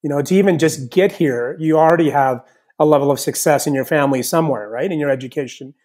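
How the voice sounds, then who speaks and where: Relaxed man, a bit higher voice. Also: fast talker. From south India, raised partly in the US. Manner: relaxed, thoughtful, frequent "you know". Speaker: guest chef and author. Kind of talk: casual interview conversation.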